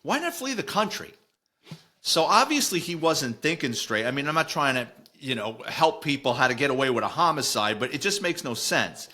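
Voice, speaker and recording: A man's voice: medium pitch, expressive, brisk, few pauses, sharp tone. A middle-aged man with a New York accent hosting a podcast as a retired cop, reading news and telling blunt, chatty stories. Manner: blunt, storytelling, chuckles while reading. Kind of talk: casual chat reading and commenting on news.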